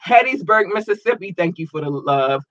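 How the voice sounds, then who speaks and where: Upbeat podcast host with a bright voice. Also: male voice, sits high, moderate pace, no echo, highs cut off. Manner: upbeat, animated, stumbles over place names. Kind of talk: casual shout-outs to listeners.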